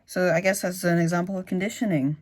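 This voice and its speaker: A woman's voice: on the low side, fairly even intonation, fast talker. A woman giving casual reaction commentary, musing aloud with lots of fillers and restarts. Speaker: reaction video host.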